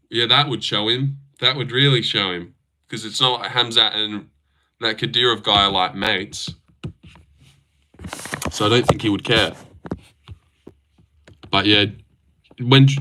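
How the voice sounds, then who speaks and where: A man's voice: lowish voice, bright, forceful tone. A young man hosting a casual livestream, bantering with his chat in a crude, teasing way and swearing often. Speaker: livestream host.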